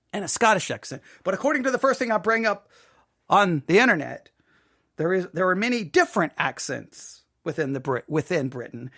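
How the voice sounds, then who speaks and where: A man from the United States hosts a casual Bible podcast, rambling and poking fun at himself as he restarts his sentences. His voice sits a little high for a man and has a gravelly edge. The sound is close and dry, with no room around it. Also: pushed and bright, dry recording. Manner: self-deprecating, rambling with many restarts. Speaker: podcast host.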